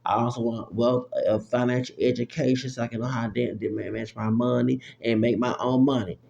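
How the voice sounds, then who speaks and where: A man's voice: mid-range voice, level tone, brisk, gravelly, darkish tone, lo-fi sound. A man delivering an unfiltered, profane rant into a phone app, repeating himself and breaking into exclamations. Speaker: vlogger. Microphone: phone app recording. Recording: roomy echo with faint hum.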